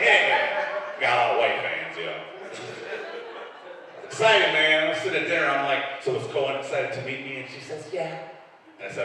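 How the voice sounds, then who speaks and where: A man's voice: mid-range voice, lively intonation, fairly quick, far from the mic, a crowd in the background. A middle-aged man from Detroit doing a profane stand-up set on a club stage, acting out the people he quotes. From Detroit, USA. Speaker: stand-up comedian. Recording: echoey club hall picked up from afar.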